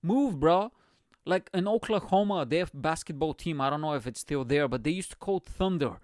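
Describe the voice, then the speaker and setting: Energetic profane man from Bulgaria. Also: a little high, brisk, no room sound, clean studio sound. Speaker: podcast host. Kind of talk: comedic monologue.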